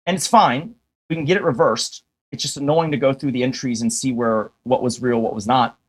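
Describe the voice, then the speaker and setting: A man's voice: medium pitch, fairly quick. A man ranting to his livestream viewers, swearing heavily and firing rhetorical questions at them in an exasperated, combative way. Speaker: streamer.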